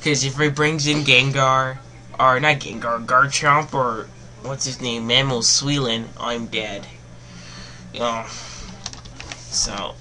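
A young man giving rambling live commentary on his own game, full of fillers, sliding between glum mutters and excited yells. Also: mid-range voice, slow pace. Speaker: gaming commentator.

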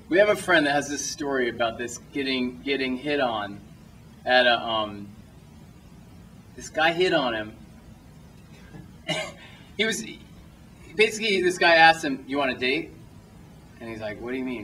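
In a cinema auditorium before a small crowd, a young filmmaker takes audience questions after a screening. His medium-pitched voice is bright and forceful, picked up by a distant mic with slight background noise and poor audio quality. He tells loose, rambling stories, keeps restarting his sentences and laughs a lot.

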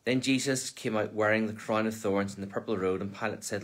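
A minister reading a Bible passage aloud for Lent, then explaining it in plain, conversational talk. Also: male voice, on the low side, fairly even intonation, a little fast.

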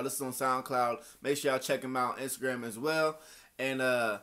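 A man with a mild Texan accent, hosting a reaction video in energetic casual talk, saying "y'all" constantly and hyping up the track. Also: mid-range voice, normal speed. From Texas. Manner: energetic, says "y'all" constantly, chuckles often, hypes up the track. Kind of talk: hyped casual reaction commentary.

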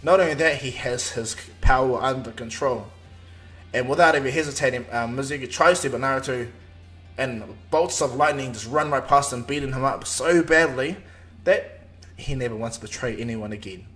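A man's voice: medium pitch, normal speed, fairly bright tone, faint music behind. A man retelling a fan-made anime story in a loose, rambling way. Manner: rambling, with fillers and restarts. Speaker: narrator.

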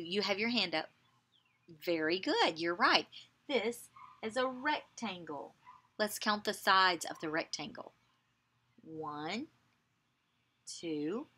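A woman teaching young children in a video lesson, coaxing answers in a slow sing-song way and pausing for replies. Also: medium pitch, pushed and bright.

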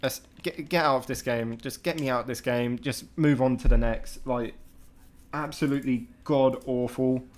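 A man giving live gameplay commentary to his chat, often exasperated and swearing in loud outbursts. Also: medium pitch, steady tone, normal speed. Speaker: gaming video creator.

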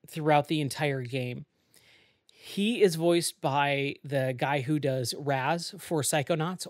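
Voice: mid-range voice, no room sound, clean studio sound. A podcast host talking casually on their own, rambling with lots of fillers and self-corrections. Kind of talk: casual solo podcast talk.

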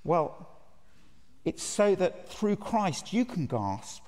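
A man's voice: sits high, very animated, takes it slowly, darkish tone, a little hiss or hum. A man preaching a sermon at a conference, earnest and emphatic, putting direct questions to his listeners. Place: large conference hall. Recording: reverberant hall.

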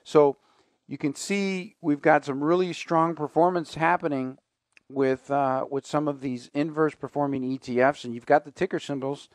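A man's voice: on the high side, steady tone, normal speed, no echo, studio quality. A man hosting a finance radio show, talking casually and conversationally with fillers and asides.

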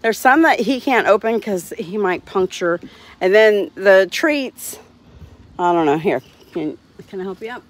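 Woman, casual livestream host, slow, lively sing-song pitch, talking to her dogs, laughing often. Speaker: dog owner hosting a livestream.

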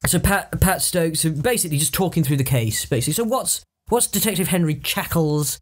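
A man's voice: fairly high pitch, expressive, a little fast. A man co-hosting a podcast, brainstorming in loose, swearing, laugh-filled chat. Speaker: podcast co-host. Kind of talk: casual improvised brainstorming chat.

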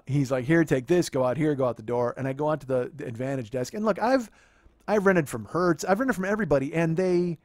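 A man in his fifties telling a funny story in a profane, animated way, laughing as he goes. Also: a little high, no echo, clean studio sound. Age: 50s. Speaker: podcast host. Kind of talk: comedic storytelling monologue.

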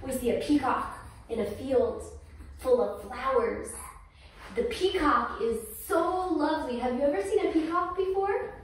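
A mother leading a toddler yoga class, talking gently in a sing-song way to a small child. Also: sits high, a little slow, a little hiss or hum. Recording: echoey room, far from the mic.

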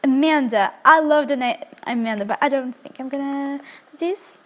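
Excitable high-voiced woman gaming. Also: moderate pace. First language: Korean. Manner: excitable, gushing, many fillers. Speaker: let's play host. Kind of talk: casual gameplay commentary.

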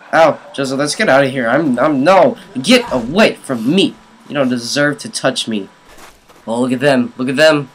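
A young man giving jokey let's play commentary on a zombie game, yelling at enemies and talking to his viewers. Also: medium pitch, slight background noise, low-quality recording. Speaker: gaming YouTuber.

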